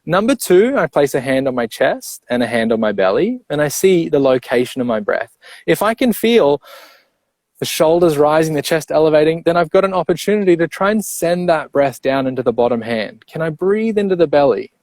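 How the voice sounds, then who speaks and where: A man coaching on breathing, explaining step by step in a clear, teacherly way and checking in with the listener as he goes. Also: on the high side, animated, brisk, a little mellow, no echo. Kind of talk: explanatory interview talk.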